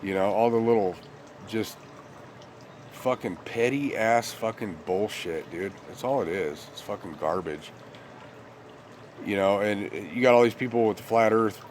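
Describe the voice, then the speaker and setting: Young man, low-pitched voice, blunt, swearing, rambling rant, faint background hiss. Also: measured pace. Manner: blunt, profane, heated ranting. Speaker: vlogger. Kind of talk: rambling casual monologue.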